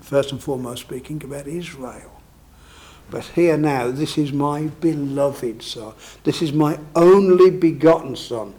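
A man's voice: fairly high pitch, measured pace, dark tone. A man preaching a sermon, expounding scripture in a conversational way and often asking his listeners tag questions.

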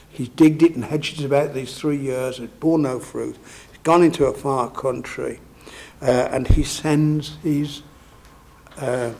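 A man's voice: on the high side, vocal fry, darkish tone. A man preaching a sermon, expounding scripture in a conversational way and often asking his listeners tag questions.

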